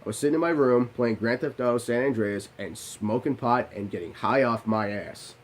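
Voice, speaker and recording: A man's voice: medium pitch, normal speed, a little hiss or hum, low-quality recording. A man in his late twenties telling a candid, self-deprecating story about his past in a rambling, profane vlog style, restarting his sentences often. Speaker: vlogger. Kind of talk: confessional storytelling.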